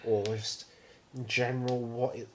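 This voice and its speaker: A man's voice: mid-range voice, little pitch movement, slight background noise. A young man co-hosting a podcast in casual chat, riffing with jokes and offhand theories. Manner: joking, quick to riff on wild theories. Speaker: podcast co-host.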